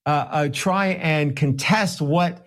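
A man, a lawyer and guest, talking emphatically in an interview, slowing down to stress his points, sometimes sarcastic. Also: on the high side. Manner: sarcastic at times. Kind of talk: podcast interview talk.

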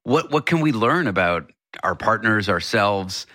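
A man from New York hosting an interview, asking questions in a lively, conversational way with joking asides. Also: on the low side, measured pace, no echo, studio quality. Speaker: interviewer host.

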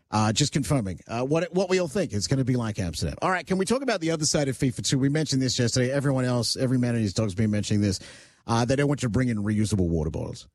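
A man's voice: medium pitch, no room sound. A male talk radio host chatting casually, teasing callers and ranting wryly. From Canada. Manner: wry, teasing, ranting asides.

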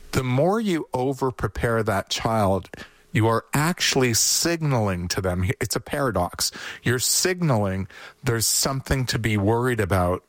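This guest's mid-range male voice comes through with no echo as he shares parenting advice in a laid-back, chatty manner. Animated throughout, he occasionally does rapid impressions of fretful parents and their children.

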